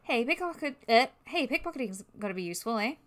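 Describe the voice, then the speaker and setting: A woman's voice: fairly high pitch, expressive, quick pace, a bit bright. A woman voicing a level-headed young male biker who talks firmly and matter-of-factly. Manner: firm and matter-of-fact. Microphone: new microphone.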